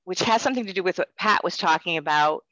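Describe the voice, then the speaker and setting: A woman's voice: fairly low pitch, fast talker, bright, forceful tone, no echo, lo-fi sound. A woman sharing a personal faith testimony in earnest, rambling storytelling.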